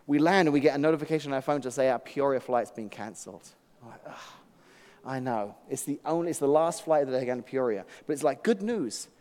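A man's voice: mid-range voice, fast. Man telling a story in a reverberant hall. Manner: animated, self-mocking, laughs often. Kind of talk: storytelling devotional talk.

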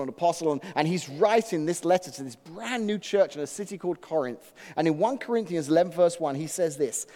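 A middle-aged man, giving an animated, self-mocking storytelling devotional talk and laughing often. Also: on the high side. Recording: long hall reverb.

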